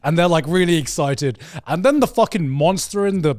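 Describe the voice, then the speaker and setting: A man's voice: a little high, expressive, fairly quick, a little mellow, no echo, faint music behind. A man co-hosting a podcast in casual chat, rambling and restarting his sentences with laughter. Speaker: podcast co-host.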